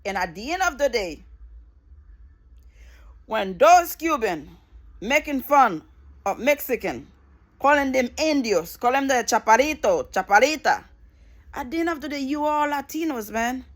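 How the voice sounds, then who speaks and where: A middle-aged woman speaking in a fairly high voice, ranting straight to camera. She is fired up and emphatic, hammering her points with repetition and blunt swearing. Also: lively intonation, measured pace, pauses often. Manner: angry, emphatic, repeats phrases, swears. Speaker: vlogger. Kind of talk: impassioned political rant to camera.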